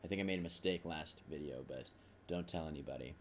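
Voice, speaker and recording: A man's voice: very deep voice, fast, a little hiss or hum. A man teaching a math lesson, talking through the steps aloud in a casual, self-deprecating way. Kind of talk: recorded math lesson at a whiteboard.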